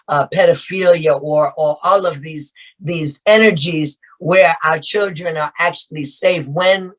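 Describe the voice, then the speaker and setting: A woman's voice: sits low, rough recording. An older woman, a grandmother figure, hosting a casual group video call and asking questions with affectionate, familiar talk. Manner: warm-hearted, calls people baby and darling. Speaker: host and film matriarch.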